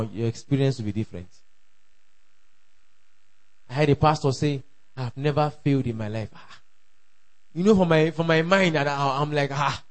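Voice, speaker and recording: A man preaching a sermon, emphatic and repetitive, calling out declarations and shouting at the peaks. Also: fairly high pitch. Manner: emphatic, repeats lines for the crowd to echo, shouts at peaks. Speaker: pastor.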